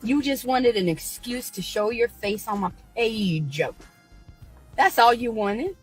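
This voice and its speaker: Husky woman ranting on a live stream. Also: on the high side, lively intonation, slow pace, soft background music. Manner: combative, preachy, repeating herself.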